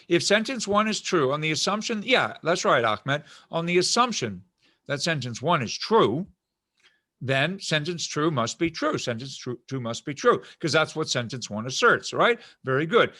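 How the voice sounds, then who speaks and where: A man's voice: a little high, very animated, normal speed, sharp tone, no echo, clean studio sound. A middle-aged man giving an online philosophy lecture, talking in a discursive way with restarts and frequent checks that students are following. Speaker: philosophy professor.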